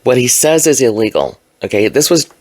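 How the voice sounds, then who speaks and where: A woman's voice: very deep voice, very animated, a little fast, darkish tone. A woman recording a solo video commentary alone in a room, talking in a frustrated, emphatic and rambling way with many fillers. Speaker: vlogger.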